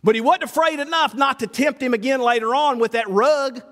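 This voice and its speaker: A man's voice: very high voice, brisk. A male preacher, giving a folksy sermon and acting out conversations with God. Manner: folksy, acts out dialogue with God in lively voices. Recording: reverberant hall.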